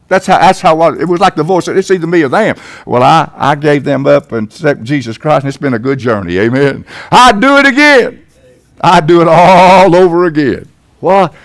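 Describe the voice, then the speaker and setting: A man's voice: fairly high pitch, vocal fry. An older man from Tennessee with a Southern American accent, preaching a sermon as pastor in a church, folksy and emphatic with sudden swells. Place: church sanctuary.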